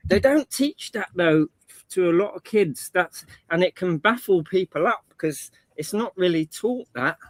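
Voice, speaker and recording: A man's voice: high-pitched, lively intonation, unhurried. A man chatting casually on a panel stream, rambling and slangy, often restarting his sentences. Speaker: panel guest. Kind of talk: casual chat.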